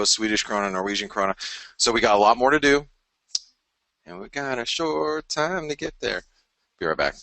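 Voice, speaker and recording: A man's voice: fairly low pitch, a bit bright, no echo. A man hosting a live trading webinar, talking through charts in a rambling, frank way, often stopping and restarting mid-thought. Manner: rambling, self-interrupting, frank.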